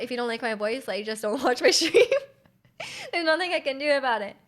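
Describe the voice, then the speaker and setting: Chatty woman streamer, slightly high voice. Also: fairly quick. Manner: chatty, many fillers, reads chat aloud; loud and energetic, volume jumps around. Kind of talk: casual live-stream chat.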